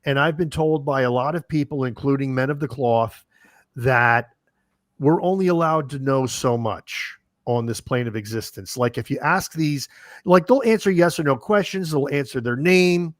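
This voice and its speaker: A man with a mid-range voice hosts a podcast interview at normal speed, with no echo on the recording. His reactions and questions meander, full of fillers like "you know."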